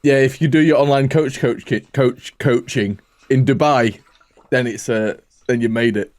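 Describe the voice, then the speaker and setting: A man's voice: mid-range voice, fairly even intonation, moderate pace, a little mellow. A young man co-hosting a podcast, ribbing his friend with dry banter. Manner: dry teasing banter, calls people "dude". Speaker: podcast co-host. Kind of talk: casual chat.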